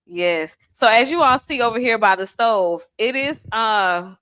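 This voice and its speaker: Bright-voiced woman chatting while cooking. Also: fairly high pitch, lively intonation, unhurried. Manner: chatty, playful, teasing the person filming. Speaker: home cook host. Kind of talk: casual cooking demonstration. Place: home kitchen by the stove.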